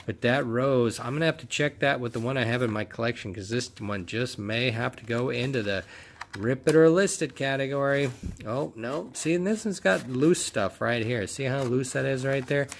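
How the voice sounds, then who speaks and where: Guy chatting away while he unboxes toy cars, gets real excited, medium voice. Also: mid-range voice, moderate pace, creaky, slight background noise. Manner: enthusiastic, exclaims over each find. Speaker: toy car collector and video host. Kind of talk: casual unboxing commentary.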